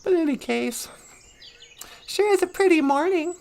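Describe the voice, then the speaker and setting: A woman's voice: very high voice, animated, moderate pace, creaky, darkish tone, a little hiss or hum. A woman hosting a comedic live-stream podcast, delivering a sarcastic monologue with laughs between jokes and mocking put-on voices. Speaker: podcast host.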